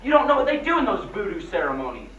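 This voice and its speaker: A woman's voice: mid-range voice, huge pitch swings, fast, fairly bright tone. An actress playing an urgent, anxious young woman pleading a case in an old film. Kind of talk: 1940s film acting. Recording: echoey, distant, dull old film soundtrack.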